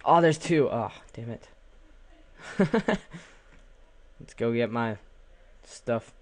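A man's voice: mid-range voice, takes it slowly. A young man casually commenting on his own game, joking, exclaiming and chanting silly repeated words at the animals. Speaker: gaming channel host. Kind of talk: casual let's play commentary.

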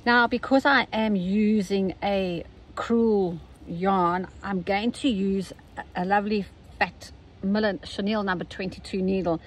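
A South African woman, older, talking casually and gently through an embroidery tutorial step by step. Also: medium pitch, fairly even intonation, a little slow, poor audio. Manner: chatty, gentle step-by-step instruction. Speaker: embroidery teacher.

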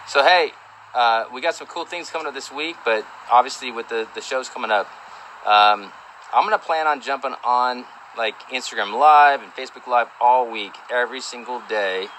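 A man chatting casually on a livestream from home, upbeat and relaxed as he promotes upcoming shows. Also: medium pitch, normal speed, slight background noise, rough recording. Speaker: co-host of a livestream. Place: their home.

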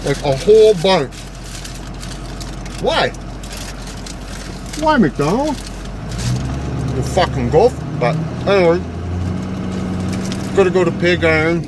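A man's voice: on the high side, lively intonation, normal speed, pauses often. A man vlogging from behind the wheel, joking and swearing constantly in slangy talk. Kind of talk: casual driving vlog. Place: inside a moving car. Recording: car road noise.

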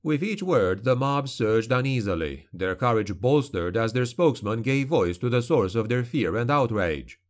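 A man narrating a dark fantasy audiobook in a steady, grim, even delivery. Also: medium pitch, moderate pace, hardly any pauses.

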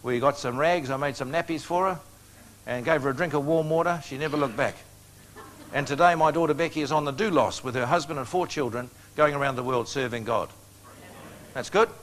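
An older man delivers a storytelling sermon. His voice sits a little high for a man. He talks in a homely, joking way and chuckles at his own tales. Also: a little fast, a bit bright, slight background noise. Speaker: preacher.

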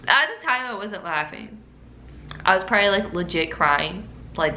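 Bright-voiced young woman telling a story. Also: medium pitch, normal speed. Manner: chatty and animated, with frequent laughs and filler words. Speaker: vlogger. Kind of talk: casual story-time monologue. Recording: roomy room echo with faint hiss.

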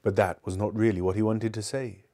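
A man's voice: fairly low pitch, little pitch movement, fairly quick, mellow. A man hosting a book club, reading a short story aloud and then chatting casually with listeners. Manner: casual, chatty, hesitant when speaking off the page.

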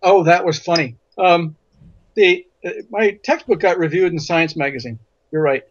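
High-voiced man, emphatic, lo-fi audio. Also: moderate pace, slight background noise. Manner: emphatic storyteller who repeats words for stress. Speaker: physician and guest. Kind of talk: interview conversation. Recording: dull lo-fi audio.

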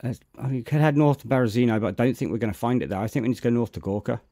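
A man's voice: mid-range voice, racing, dark tone, no room sound, clean studio sound. A British man live-streaming a game, chatting casually and greeting viewers by name as he plays. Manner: greets chat viewers by name between gameplay remarks. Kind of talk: casual live-stream chat while playing.

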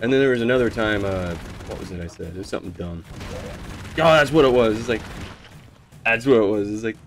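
A man from the United States giving casual, deadpan, sarcastic commentary over his gameplay, swearing freely and rambling with fillers and restarts. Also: lowish voice, fairly quick, a little hiss or hum. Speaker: gaming channel host.

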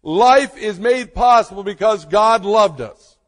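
Slow, high-voiced preaching man. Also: lively intonation, long reverb tail. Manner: slow, emphatic preaching with dramatic pauses. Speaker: pastor. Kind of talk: sermon.

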